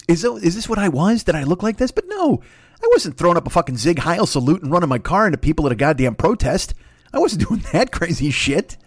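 A middle-aged man hosting a podcast, telling stories in a crude, swearing, animated comedic rant. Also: a little high, dry recording, clean studio sound. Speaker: podcast host.

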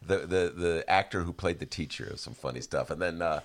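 A man's voice: deep voice, brisk. A man hosting a radio talk show, chatting casually, rambling and restarting as he goes. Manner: rambling, animated, with frequent restarts.

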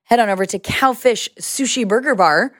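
A woman's voice: fairly high pitch, normal speed, a bit bright, dry recording, studio quality. A woman co-hosting a casual chat, upbeat and enthusiastic. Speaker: co-host.

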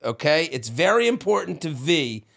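A man from outside Boston chatting on a podcast, animated and laughing, full of quick asides and restarts. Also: on the high side, creaky. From outside of Boston, Massachusetts. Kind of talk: casual podcast chat.

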